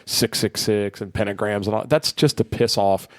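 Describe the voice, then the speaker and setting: A man's voice: on the low side, moderate pace, dry recording, studio quality. A man co-hosting a podcast in casual chat, telling rambling stories and swearing freely. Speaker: podcast co-host.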